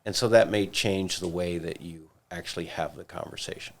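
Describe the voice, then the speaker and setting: A man with a low, gravelly voice talks through ideas on a church podcast. He explains in a steady, measured way, pausing now and then to gather his thoughts. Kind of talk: casual podcast discussion.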